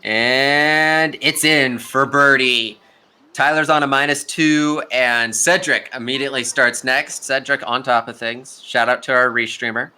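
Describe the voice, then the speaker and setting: A man's voice: medium pitch, fairly even intonation, a little slow, pushed and bright, clear, resonant tone. A young man giving casual live play-by-play commentary on a video game golf tournament, chatty and talking straight to the players.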